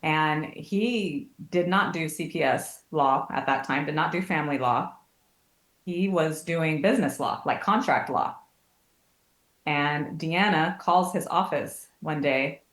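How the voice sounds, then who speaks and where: Woman with a low voice, telling stories on a podcast, does the voices of people she quotes. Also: slow. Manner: animated storytelling, acts out quotes. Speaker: guest, family advocate. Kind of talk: casual podcast interview. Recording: echoey room.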